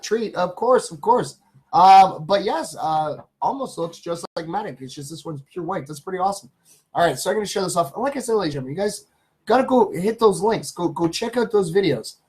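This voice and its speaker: A man's voice: high-pitched, animated, normal speed, fairly bright tone. Chatty man reading good news aloud. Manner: chatty, greets chat viewers, many ums and uhs. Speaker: live-stream host.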